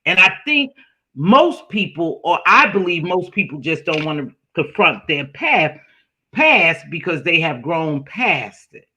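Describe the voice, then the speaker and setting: A man's voice: on the high side, sing-song, measured pace, pushed and bright, breathy edge. A man hosting a casual online panel chat over a video call, reflective and speaking straight to his viewers. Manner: reflective, addresses viewers directly. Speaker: host.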